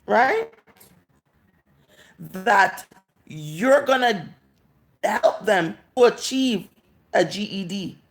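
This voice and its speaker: A woman's voice: mid-range voice, sing-song, extremely slow, long pauses. A woman in her late thirties with a Jamaican accent, ranting and scolding on a live stream, drawing out words for emphasis. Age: 30s. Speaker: vlogger.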